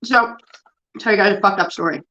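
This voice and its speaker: A woman's voice: medium pitch, a little fast, sharp tone, highs cut off. A woman livestreaming, telling a rambling, profane story in a casual chat that keeps getting sidetracked.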